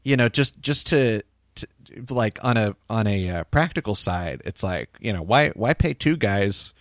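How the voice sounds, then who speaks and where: A man's voice: lowish voice, expressive, a little slow, no room sound, studio quality. A man co-hosting a casual podcast, thinking aloud hesitantly about a film. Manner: thoughtful, hesitant, lots of fillers. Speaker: podcast co-host.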